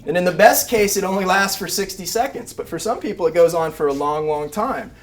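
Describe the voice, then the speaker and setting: A man, an animal behavior trainer giving a lively live talk to rescue volunteers and acting out everyday scenes. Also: high-pitched, a little fast. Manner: animated, acts out scenes with shouted mock voices.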